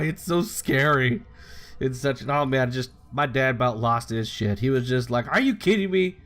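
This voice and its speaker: Playing a game, a young man who hosts a gaming channel gives loose, chatty commentary with the occasional swear word. His voice is medium-pitched with a fairly bright tone.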